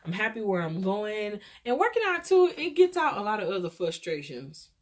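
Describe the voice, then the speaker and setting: A woman's voice: mid-range voice, big pitch swings, moderate pace. A woman with a Texas accent hosting her own show, rambling through an encouraging, preachy pep talk. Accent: Texan. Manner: scattered, rambling. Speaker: podcast host. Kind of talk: rambling solo chat.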